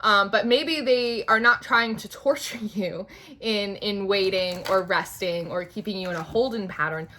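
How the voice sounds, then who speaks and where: A woman's voice: medium pitch, measured pace, sharp tone. A young woman giving a casual, meandering tarot reading, full of "like" and restarts. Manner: chatty, meandering, heavy use of "like". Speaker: tarot reader. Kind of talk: spiritual tarot reading monologue.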